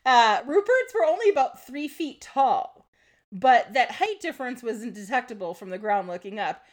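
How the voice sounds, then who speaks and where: Female podcast co-host, casual and giggly, animated delivery, slightly high voice. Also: normal speed. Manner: laughs often, explains facts. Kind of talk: casual history chat.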